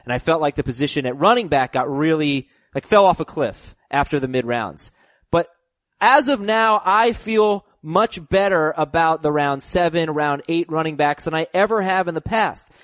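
Male podcast host, slightly high voice, dry close sound, casual sports chat. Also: expressive, normal speed, a bit bright, dry recording. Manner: leads the talk, lists picks and asks for opinions.

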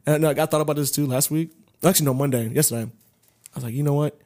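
A young man rattles off stories at a brisk clip in a somewhat high voice, laughing between lines and cursing freely. His talk is loose, animated podcast banter. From Atlanta area. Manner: laughs often, swears freely, animated storytelling. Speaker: podcast co-host. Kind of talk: casual podcast chat.

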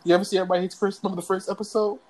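A man's voice: high voice, racing, crowd noise, poor audio. A young man telling funny stories casually among friends, laughing often and acting out the people in them. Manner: animated, laughs often, acts out voices in stories.

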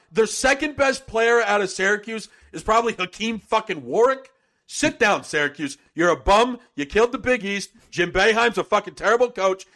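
A man's voice: high voice, fairly bright tone. A man co-hosting a sports podcast, talking in a ranting, sarcastic, profane way. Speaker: podcast co-host. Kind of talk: casual sports chat.

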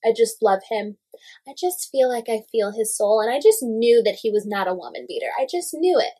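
A young woman with a fairly high voice, gossiping in a casual chat. She talks in an animated way, leans on "like" constantly and swears without a second thought. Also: brisk, slightly rough. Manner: animated, fillers of "like", swears freely.

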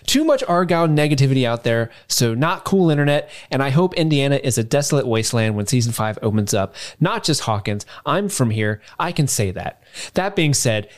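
Chatty man reading listener mail. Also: medium pitch. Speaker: podcast co-host. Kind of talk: casual chat, reading listener emails.

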